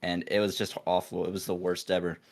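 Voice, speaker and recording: A young man, a podcast co-host, telling a work story in a rambling, animated way, full of restarts and acted-out quotes. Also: deep voice, a little fast. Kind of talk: casual storytelling chat.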